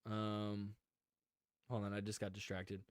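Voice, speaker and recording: A man's voice: fairly low pitch, completely flat delivery, unhurried, clear, resonant tone, no room sound, studio quality. A man hosting a casual live stream, rambling with lots of "like" and talking to viewers in the chat. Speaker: podcast host.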